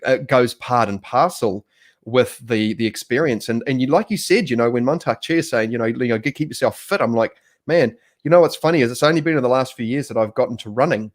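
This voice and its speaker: A man's voice: medium pitch, a little fast. A man from New Zealand hosting a casual livestream conversation, talking in a rambling, hesitant way with many restarts. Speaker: host.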